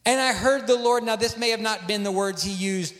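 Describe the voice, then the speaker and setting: A male preacher delivering a sermon in an animated storytelling manner, acting out dialogue. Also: high voice, a little fast. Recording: long hall reverb.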